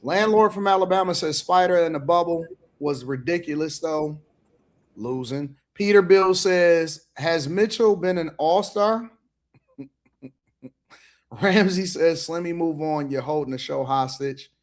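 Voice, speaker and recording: A man's voice: on the high side, unhurried. Male host, laid-back panel talk, reads viewer chat aloud, loose slangy delivery. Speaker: podcast host reading chat.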